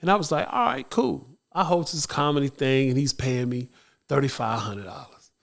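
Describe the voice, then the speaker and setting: A man's voice: medium pitch, moderate pace, vocal fry, fairly bright tone. A man hosting a podcast, also a radio morning host, telling a personal story in a casual, slangy, emotional way.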